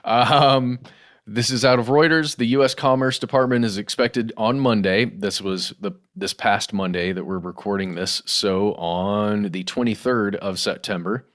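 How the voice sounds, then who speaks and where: Low-voiced man casually discussing news. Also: steady tone, measured pace, a bit bright. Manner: conversational, addresses listeners as guys and y'all. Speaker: podcast co-host.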